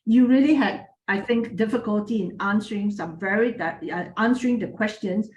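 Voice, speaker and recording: A woman judging a moot court, giving frank but encouraging feedback to students in a clear, projecting voice, with many fillers and restarts. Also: medium pitch, normal speed, darkish tone, reverberant, highs cut off.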